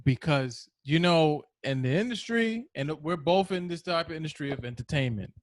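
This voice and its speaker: A man's voice: on the high side, expressive, moderate pace. A man hosting a casual podcast interview over a video call, talking in a conversational, reflective way with frequent fillers. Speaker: podcast host.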